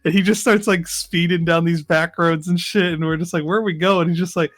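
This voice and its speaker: A man's voice: sits high, fairly even intonation, brisk, fairly bright tone, dry recording. A man telling a laid-back, profane story in a casual chat among friends. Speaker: podcast co-host.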